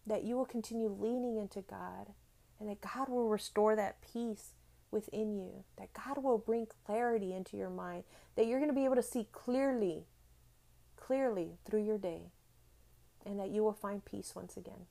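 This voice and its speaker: A woman hosting a devotional podcast, speaking earnestly and from the heart, repeating phrases for emphasis and growing louder when she reads scripture. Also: medium pitch, moderate pace, vocal fry. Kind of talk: devotional encouragement talk.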